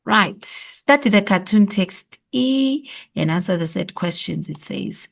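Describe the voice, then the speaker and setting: A woman's voice: medium pitch, animated, unhurried, vocal fry, few pauses. A woman with a South African accent going over an exam memo, thinking aloud and repeating her answers. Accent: South African English. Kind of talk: exam revision lesson.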